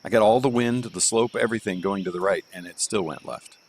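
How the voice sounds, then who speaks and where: Here a man with a lowish voice talks fairly quickly over slight background noise, streaming live from home as he reviews golf courses. He rambles, jokes, and thinks aloud, using many fillers in this casual game commentary.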